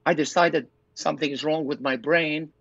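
A man's voice: on the high side, fairly even intonation, moderate pace, gravelly, a bit bright, dry recording. Older man telling his testimony. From Lebanon. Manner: earnest storyteller, acts out his own quoted thoughts. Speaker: pastor and doctor, guest. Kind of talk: personal testimony in an interview. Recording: dull, dry lo-fi recording.

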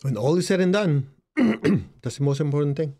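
A middle-aged man who is not a native English speaker gives a spiritual talk as a healer, emphatic and repetitive, with lively jumps into quoted voices. His voice is on the high side, at a normal speed.

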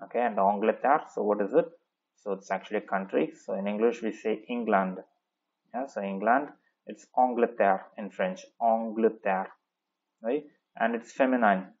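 A man's voice: lowish voice, normal speed, slightly rough, lo-fi sound. A male French teacher explaining grammar step by step in a patient classroom manner, often checking in with the listener.

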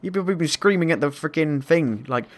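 A man commentating a game playthrough, excitable and swearing, quick to panic and laugh at himself. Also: fairly high pitch. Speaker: gameplay commentator. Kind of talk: let's play commentary.

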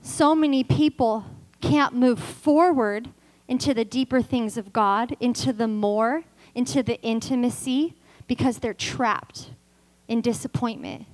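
During a church service, a guest preacher in her thirties from California tells her own story in a sermon, acting out the dialogue as she goes. She's a lively storyteller whose voice is a little high and measured in pace. The recording is low quality.

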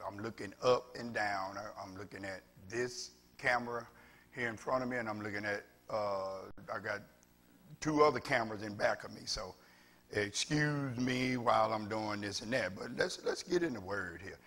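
A man preaching a sermon as pastor with a Southern US accent, repeating phrases and building from quiet talk to loud preaching. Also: on the low side, moderate pace. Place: church with several cameras.

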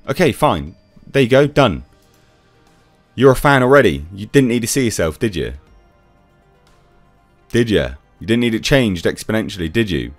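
A deep-voiced man rants sarcastically as a reviewer. His delivery is lively and swings up and down, and the sound is dry with faint music underneath. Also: moderate pace, dry recording. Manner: sarcastic, exasperated, mocking. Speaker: YouTube reviewer. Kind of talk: ranting commentary.

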